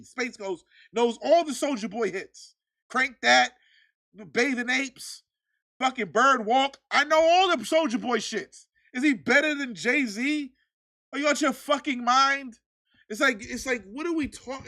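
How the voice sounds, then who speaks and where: A man's voice: extremely high pitch, pushed and bright. A man hosting his own podcast, ranting in casual, profane chat. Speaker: podcast host.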